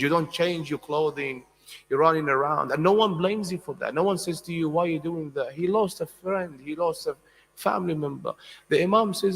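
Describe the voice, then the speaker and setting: A man's voice: vocal fry, a bit bright. A man preaching a Muharram sermon, speaking with passion and asking his listeners questions directly. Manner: impassioned, rising into high emotional cries when telling tragic stories; asks the audience questions directly. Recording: long hall reverb.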